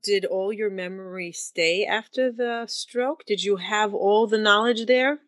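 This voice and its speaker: Bright, dry-sounding interviewer. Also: mid-range voice, a little slow, dry recording. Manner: supportive, reflective questions. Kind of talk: sit-down interview.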